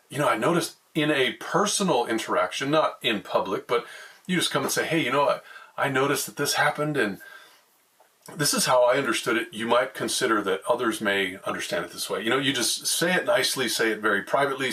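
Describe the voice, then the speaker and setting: A man's voice: medium pitch, sharp tone, far from the mic. A middle-aged man, a pastor, teaching from the Bible in a plain-spoken, conversational way with frequent restarts.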